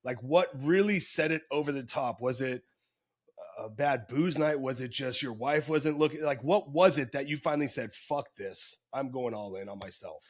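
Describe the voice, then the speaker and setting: Podcast host asking casual questions. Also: male voice, mid-range voice, normal speed. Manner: short encouraging interjections and questions. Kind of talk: casual interview.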